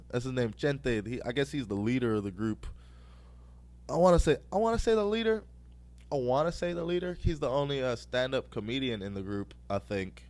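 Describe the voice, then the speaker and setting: A young man rambles through a story on his podcast, swearing freely and chuckling at himself. His voice sits a little low. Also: a little mellow. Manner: profane, rambling, laughs at his own stories. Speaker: podcast host.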